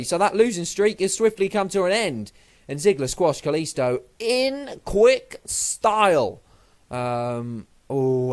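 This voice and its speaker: Sounding sleepy, like he just woke up, a man with a slightly high, darkish voice casually reviews a wrestling show in a solo vlog on his own channel. He rambles, swears, and loses his train of thought.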